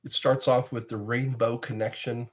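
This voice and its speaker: A man's voice: medium pitch, level tone, moderate pace. A man casually chatting with viewers on his livestream, rambling and joking, reading comments aloud and often laughing at his own jokes. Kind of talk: casual chat with live viewers.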